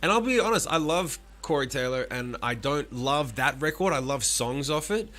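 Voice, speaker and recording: A man in his forties, a musician streaming live, talking casually with animated, profane rants and answering chat. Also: mid-range voice, normal speed.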